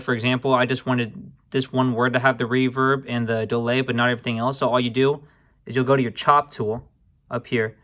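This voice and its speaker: A young man talks through a software tutorial in an easygoing, informal way. His voice sits in a middle register and stays fairly flat and even. He drops in casual asides and quick apologies as he clicks around. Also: mid-range voice. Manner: laid-back, addresses viewers as guys, apologizes for slips. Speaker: music production tutorial host. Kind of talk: casual screen-recorded tutorial.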